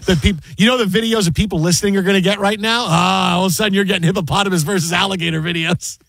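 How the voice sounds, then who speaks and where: A man hosting a casual sports talk show, telling rambling, animated stories with mock play-by-play asides. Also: high-pitched, rapid-fire, gravelly, no room sound.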